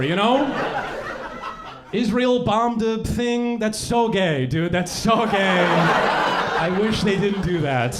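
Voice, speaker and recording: A young man works a comedy club crowd, his voice riding high and swinging wide as he riffs. The live recording is noisy, and his delivery is profane, with sudden shouted bits. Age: young adult. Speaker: stand-up comedian. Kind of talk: stand-up comedy set. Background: audience laughter.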